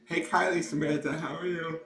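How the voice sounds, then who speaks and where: A man's voice: on the high side, fairly even intonation, brisk, fairly bright tone. A man who reads tarot, chatting casually and rambling to his livestream viewers from a desk at home, swearing freely. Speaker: tarot reader hosting live readings. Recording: echoey room with clear background noise.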